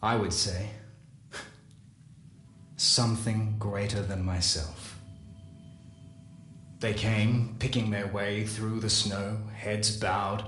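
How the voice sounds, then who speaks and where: A grave, slow-spoken game scientist. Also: male voice, lowish voice, level tone, a bit bright, roomy sound, slight background noise. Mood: solemn. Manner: measured, grave storytelling. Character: male scientist recounting a wild creature, solemn. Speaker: game character narrator. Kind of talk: scripted game narration.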